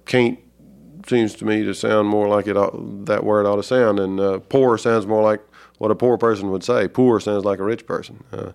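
A man from Georgia with a Southern accent, an author talking as an interview guest, thoughtful and halting with many fillers. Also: lowish voice, flat delivery, creaky, a little mellow, clean tone. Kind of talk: reflective interview talk.

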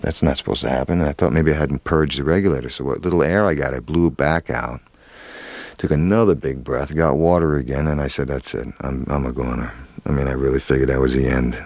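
A man's voice: very deep voice, fast, darkish tone, no echo. A man, an actor, telling a long story in an interview, rambling with many fillers and restarts. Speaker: actor guest.

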